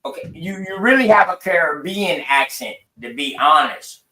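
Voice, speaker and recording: Blunt Geechee man, bright roomy sound. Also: a little high, lively intonation, moderate pace. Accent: Gullah Geechee. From South Carolina. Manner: blunt, argumentative, repeats himself. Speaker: caller on a live stream. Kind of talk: heated casual debate.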